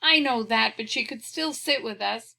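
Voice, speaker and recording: A cheeky, bossy little girl from a storybook, barking out orders, as a woman reading aloud does her. The voice is bright and edged with a bit of gravel. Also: fairly high pitch, normal speed.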